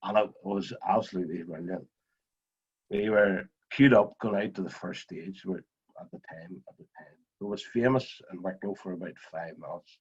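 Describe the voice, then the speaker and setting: A man's voice: deep voice, steady tone, moderate pace, darkish tone, slightly rough, highs cut off. A man with a Northern Irish accent, a guest in a casual video call interview, chatty and fond of telling funny stories. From Northern Ireland. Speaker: guest driver. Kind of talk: casual interview chat, storytelling.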